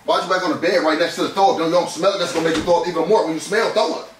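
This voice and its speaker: High-voiced, fast-talking angry man. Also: steady tone, slight background noise. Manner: loud, profane, repeats himself. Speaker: husband in a prank vlog. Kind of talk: angry ranting argument. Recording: echoey room, mic from a distance.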